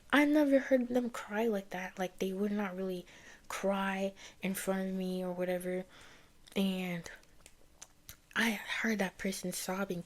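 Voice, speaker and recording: A young woman speaks in a casual personal testimony. She rambles as she talks, leaning on filler words and circling back on herself. Her voice sits at an ordinary mid pitch. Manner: rambling, many fillers like "like" and "you know". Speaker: vlogger sharing her faith story.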